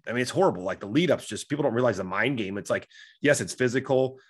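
A man in his forties chatting casually as a podcast guest, an animated storyteller who acts out the voices he quotes. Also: medium pitch, fast. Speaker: podcast guest, entrepreneur and fighter.

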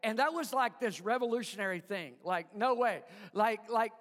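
A man preaching a sermon, telling a story with chuckles and halting restarts. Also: sits high, lively intonation, a bit bright, big-room sound. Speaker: pastor.

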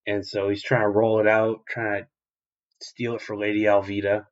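Rambling low-voiced podcast host. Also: male voice, flat delivery, normal speed. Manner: rambling, filler-heavy, swears freely. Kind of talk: casual episode recap. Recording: dull lo-fi recording.

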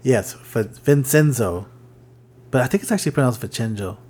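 A man's voice: medium pitch, sing-song, fast talker, a little mellow, breathy edge. A man co-hosting a casual podcast chat, rambling with many fillers and restarts while reading from notes. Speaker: podcast co-host.

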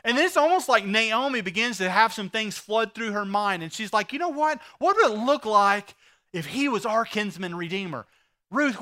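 A man preaching a sermon, retelling a story with animated voices for the characters. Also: high-pitched. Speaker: pastor.

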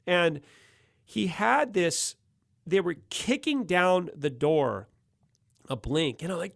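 A middle-aged man tells a rowdy story in loose, slangy talk, laughing as he goes. His pitch sits a touch high and swings widely as he gets into it. The sound is close and dry, with no room around it. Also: slow, gravelly, no echo. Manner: laughs often, animated, slangy ("dude", "gnarly"). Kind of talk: casual storytelling.

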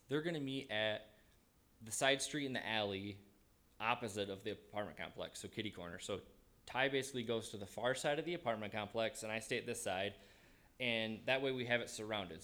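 Man telling a lively personal story. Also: lowish voice, a little fast. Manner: animated retelling, acts out his own quoted thoughts.

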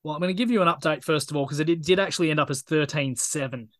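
Male podcast co-host, dry wit, slightly raised pitch, close dry recording. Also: fast talker, a bit bright, no echo. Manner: dry, joking. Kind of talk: casual chat.

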